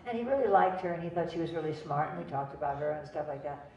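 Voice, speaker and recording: With a low, mellow voice and lively intonation, an older actress talks fast through chatty, meandering stories at a cinema event, laughing at her own jokes. The venue was recorded from a distance in a roomy, lo-fi way, with slight background noise.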